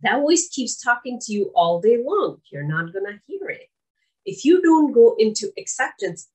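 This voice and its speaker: A woman's voice: fairly high pitch, big pitch swings, moderate pace, darkish tone, poor audio. A woman giving an earnest, coaching motivational talk, speaking straight to the listener as a friend.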